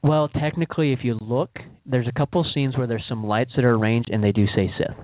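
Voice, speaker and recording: A man hosting a podcast talks in a loose, rambling way, restarting his sentences as ideas pile up. His voice sits at an ordinary middle pitch. The sound is thin and phone-like, with no room echo at all. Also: fairly quick. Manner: animated, rambling, self-interrupting. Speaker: podcast host. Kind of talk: casual chat. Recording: tinny phone-like dry recording.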